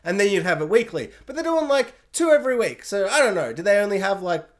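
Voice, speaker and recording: Animated rambling TV reviewer. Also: mid-range voice, fast. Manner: rambling, animated, lots of fillers and acted-out quotes. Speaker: TV show reviewer. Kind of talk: casual spoiler review vlog.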